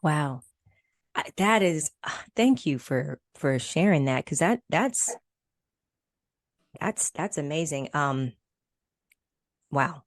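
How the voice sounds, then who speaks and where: Woman, podcast host, very low voice, dry close sound, emotional reactions. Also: lively intonation, takes it slowly, pauses often, no echo. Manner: warm listener, moved, short affirmations. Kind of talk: podcast interview.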